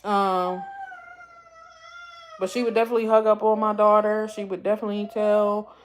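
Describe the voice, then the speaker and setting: A woman's voice: mid-range voice, level tone, normal speed, a little hiss or hum. Heartfelt, rambling woman streamer from the East Coast. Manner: heartfelt, rambling, repeats herself. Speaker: YouTube livestream host. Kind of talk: casual livestream chat.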